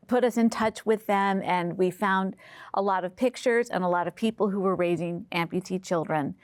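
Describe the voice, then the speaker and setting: A middle-aged woman speaks in an interview, pausing often and filling gaps with small hesitations. Her voice sits at an ordinary pitch for a woman. The sound is close and dry, with no room around it. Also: no echo. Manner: hesitant, many pauses and fillers. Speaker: interviewee, mother of the guest. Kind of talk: personal interview.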